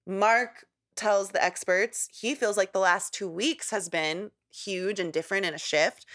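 A woman's voice: medium pitch, a little slow, fairly bright tone. A woman co-hosting a podcast, chatting casually about a reality show and laughing often. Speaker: podcast co-host.

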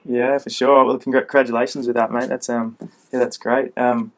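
Matey male podcast host, flat delivery. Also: medium pitch, normal speed. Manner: friendly and matey, many fillers. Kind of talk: casual interview chat.

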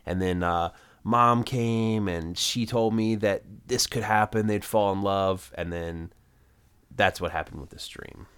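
Man, podcast co-host, very low voice, smooth and clear, casual recap chat, lots of ums and uhs. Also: unhurried, a bit bright. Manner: plot retelling with many fillers.

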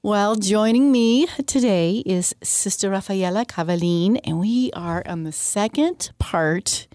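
A woman's voice: medium pitch, unhurried, a little mellow, no echo. A woman hosting a faith radio talk show, chatty and enthusiastic, with a lot of fillers. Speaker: radio host.

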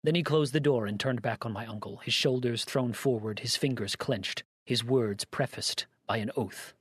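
A man narrating a story aloud in a steady storytelling manner, close to the microphone. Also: mid-range voice, moderate pace, husky, no room sound. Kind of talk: audiobook narration.

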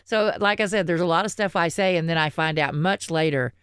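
A woman's voice: on the low side, brisk, fairly bright tone, smooth, no echo. Southern woman chatting, dry close mic. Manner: chatty, laughing, swears freely. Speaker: podcast co-host. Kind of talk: casual chat.

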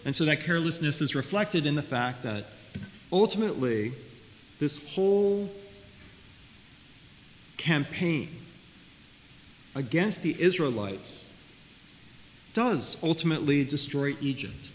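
A man teaching a Bible study class, talking in a lively way, often repeating words and asking his listeners questions. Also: on the high side, slow, long pauses. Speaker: Torah teacher. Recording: faint hiss, long reverb.

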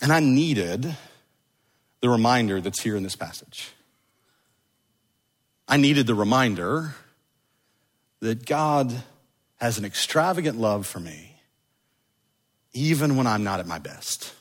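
A middle-aged male pastor preaching in a church sanctuary. His husky voice has a long reverb tail from the hall. He speaks slowly, moving between pressing emphasis and quiet, hushed repetition. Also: mid-range voice, expressive. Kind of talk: sermon.

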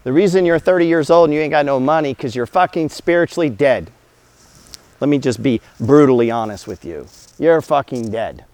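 A man's voice: medium pitch, fairly quick, a little mellow, dry recording. A man giving a blunt, profane motivational talk about money, full of rhetorical questions. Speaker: host.

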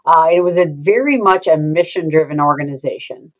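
A woman sales consultant answering interview questions in a thoughtful, unhurried way. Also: low-pitched, poor audio. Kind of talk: conversational interview.

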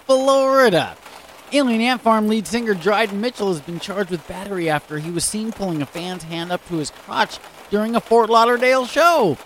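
A man's voice: fairly high pitch, a little hiss or hum. A man hosting a music show, reading weird news stories in a chatty, casual way and reacting aloud. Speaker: radio show host.

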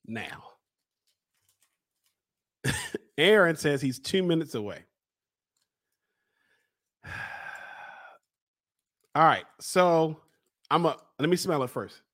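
Man from Baltimore, high voice, bright tone, playful casual vlog host, laughs often. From Baltimore, USA. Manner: lively, exclamatory. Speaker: podcast host. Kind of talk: casual solo vlog chat.

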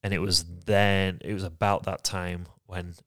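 This is a man from England with a very deep voice. He talks in a soft, reflective, halting way during a candid podcast chat. The sound is dry and close, with no room echo. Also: level tone. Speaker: podcast co-host. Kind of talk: candid personal conversation.

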